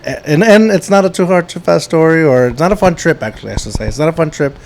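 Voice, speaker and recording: A man's voice: fairly high pitch, animated, quick pace, darkish tone. A man whose first language is Spanish, hosting a podcast in casual chat, laughing easily and nudging the guest along. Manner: laughs easily, short encouraging replies. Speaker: podcast host.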